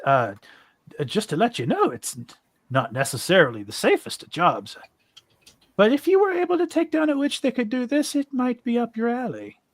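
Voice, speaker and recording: A man's voice: fairly high pitch, no room sound. A man doing a hesitant village official. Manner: hesitant, full of uh and um. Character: male village official hiring adventurers, hesitant.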